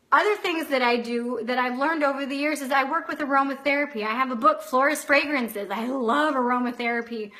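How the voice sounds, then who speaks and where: High bright-voiced chatty woman. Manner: chatty storyteller, acts out her own reactions. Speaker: host, anxiety coach. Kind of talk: casual live-stream talk.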